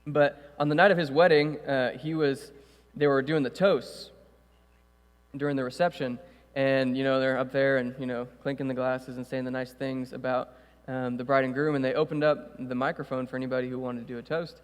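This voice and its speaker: A man's voice: medium pitch, level tone, fairly quick, clear, resonant tone. Man preaching in an echoey church. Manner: reads scripture then preaches loosely with fillers. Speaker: pastor. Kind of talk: sermon. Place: church sanctuary. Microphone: stage microphone with echo. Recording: hall reverb in church.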